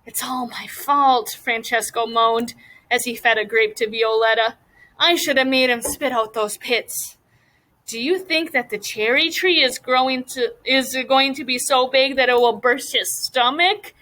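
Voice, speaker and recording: A woman's voice: fairly high pitch, steady tone, bright, forceful tone, low-quality recording. A woman teacher reading a novel aloud to her class and stopping to ask the students questions. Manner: pauses to question students about the story.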